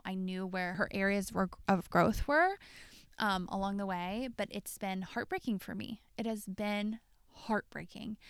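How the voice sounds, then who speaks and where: Woman, young adult, podcast coach, candid self-disclosing talk, smooth voice, dry close sound. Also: medium pitch, fairly bright tone, no room sound. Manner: candid, self-disclosing, lots of fillers like "like" and "you know". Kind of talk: reflective solo podcast talk.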